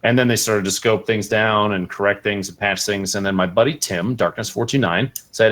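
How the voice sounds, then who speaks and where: A young adult man with a fairly low voice tells a casual story as a podcast guest. He is animated and leaps up in pitch whenever he acts out what someone said. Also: moderate pace, hardly any pauses.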